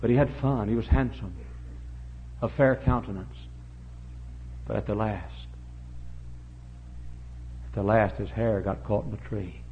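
A middle-aged pastor preaching a revival sermon, dropping to low murmurs and then rising to shouted, high-pitched cries. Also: male voice, steady tone, unhurried, pauses often, slight background noise. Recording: dull lo-fi sermon recording.

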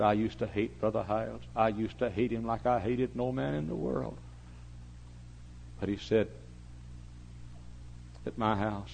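A man preaching a sermon as pastor, swinging from hushed storytelling to loud hollering. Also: lowish voice, gravelly, a little hiss or hum, poor audio.

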